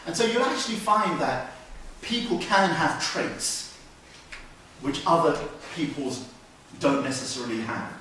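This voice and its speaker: A man giving a humorous, anecdotal lecture in a mosque, telling stories with lively swings in volume. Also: on the high side, measured pace, slight background noise. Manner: storytelling, humorous asides, lively shifts in volume. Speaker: Islamic lecturer. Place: mosque hall. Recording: very echoey hall, distant mic.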